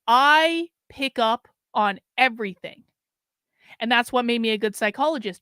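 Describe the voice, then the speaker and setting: Bright-voiced drained woman host, rambling. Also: a little high, clean tone, dry recording, studio quality. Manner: rambling and exasperated, heavy on fillers. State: drained and low on energy. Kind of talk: casual solo commentary.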